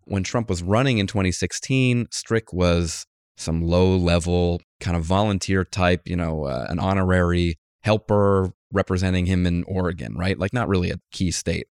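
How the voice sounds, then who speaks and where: A male journalist as an interview guest, telling a story with lively acted-out quotes. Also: low-pitched, moderate pace, no room sound, studio quality. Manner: animated storyteller, acts out quotes. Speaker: guest author, political journalist. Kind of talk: conversational interview.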